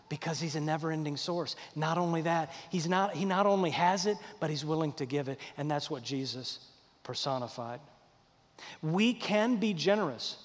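A man with a Texan accent, preaching a sermon, moving from loud proclaiming to quiet confiding. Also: a little high, in a large hall.

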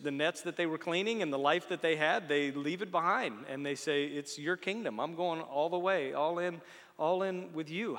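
A man preaching a sermon, conversational and animated, full of rhetorical questions and joking asides. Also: a little high, in a large hall. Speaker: pastor.

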